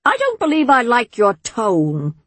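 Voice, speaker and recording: A woman's voice: a little high, wildly swooping pitch, a little slow, fairly bright tone, no room sound, pitched above the performer's own voice, heavily acted. A woman voicing a bossy old witch who scolds and bellows at others in a storybook reading. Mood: indignant.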